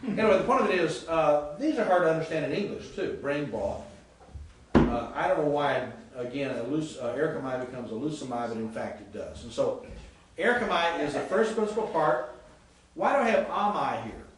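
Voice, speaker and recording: Speaking a little high and with animation at a moderate pace, this male Greek professor gives a chatty seminary classroom lecture, sounding out words and quizzing his students. The recording carries classroom echo, a distant mic, and a faint hiss.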